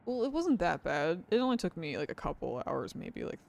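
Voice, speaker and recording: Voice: mid-range voice, sing-song, brisk, gravelly, darkish tone. A tired game streamer chatting casually while playing, rambling and apologizing for tripping over words. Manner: rambling and apologetic, frequent restarts. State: tired after a long day. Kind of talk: casual gameplay commentary.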